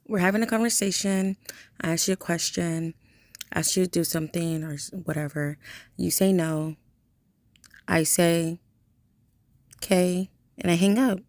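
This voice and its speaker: A woman's voice: on the low side, measured pace, long pauses, a little mellow. A woman in her late twenties, ranting straight at her listener in a heated, profane way. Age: late 20s. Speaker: vlogger. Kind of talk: angry direct-to-camera rant.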